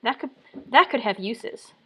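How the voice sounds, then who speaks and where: A woman streams live design work from her home workspace, muttering and thinking aloud as she tries attempt after attempt. Her voice is a little high, expressive, pushed, bright, and husky, she speaks unhurriedly, and the highs are cut off.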